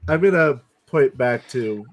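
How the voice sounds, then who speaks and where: A man's voice: mid-range voice, expressive, unhurried. A man playing a tabletop game, speaking casually and hesitantly, often restarting. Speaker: player. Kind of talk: tabletop role-play chat.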